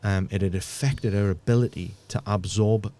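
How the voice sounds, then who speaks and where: A man, a podcast guest, telling a painful personal story in a halting way, often repeating words and dropping almost to a murmur. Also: fairly low pitch, steady tone, warm tone.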